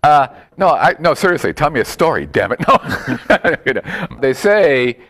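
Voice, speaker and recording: Animated joking man hosting a chat show. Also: medium pitch, moderate pace. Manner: jokey, animated storytelling with hillbilly put-on bits. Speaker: show host. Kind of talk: casual chat.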